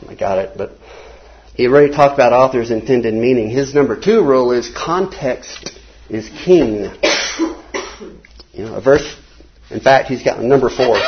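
A man teaching an informal Bible class from slides, rambling between points and reading quotes slowly and emphatically. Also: medium pitch. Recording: dull lo-fi recording.

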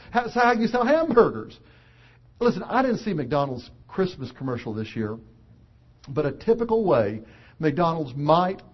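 Husky guy preaching in church, acts out little voices, kinda muffled recording. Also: fairly high pitch. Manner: animated storyteller, acts out voices. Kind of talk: sermon with storytelling.

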